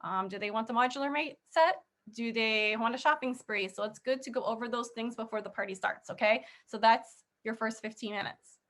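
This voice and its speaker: A woman's voice: a little high, brisk, a bit bright. A woman giving a casual training talk to her sales team. She is chatty and laughs easily, and she keeps checking in with "okay?" and "right?".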